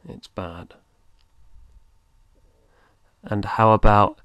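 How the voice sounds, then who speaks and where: A man's voice: fairly low pitch, takes it slowly, long pauses, no room sound. A man teaching a beginner language lesson, patiently repeating and spelling out words.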